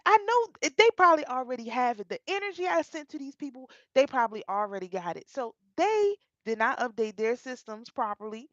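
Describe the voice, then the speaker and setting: A middle-aged woman vlogger telling a personal story in a casual, animated way, often repeating and restarting her phrases. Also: sits high, a little fast, hardly any pauses, no room sound. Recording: dull, dry lo-fi sound.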